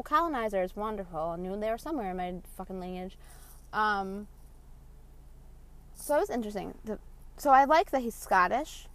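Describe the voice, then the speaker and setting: A woman ranting casually in a vlog, cursing freely and telling a story about her loud mother. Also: medium pitch, vocal fry. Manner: profane, animated storytelling with loud imitations. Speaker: vlogger. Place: in her parked car.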